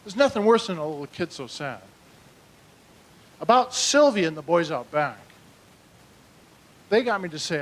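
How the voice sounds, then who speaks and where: Animated high-voiced male emcee. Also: a little slow, pauses often. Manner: animated, hyping the crowd. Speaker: open mic host and comic. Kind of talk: stand-up and emceeing. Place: small comedy club stage.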